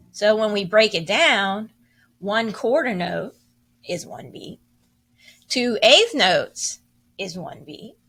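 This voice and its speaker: A woman's voice: mid-range voice, a bit bright. A woman teaching a music lesson, encouraging as she counts and chants rhythms aloud.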